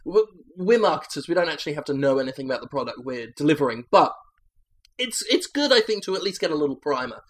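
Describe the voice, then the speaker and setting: Rambling deadpan comedy pitch host. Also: male voice, fast talker. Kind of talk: improvised comedy monologue.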